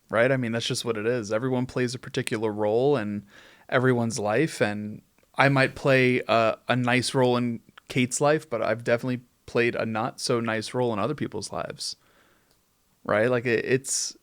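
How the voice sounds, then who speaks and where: A man hosting a podcast, speaking in a reflective, affirming, measured way. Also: mid-range voice. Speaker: podcast host. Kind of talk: podcast conversation.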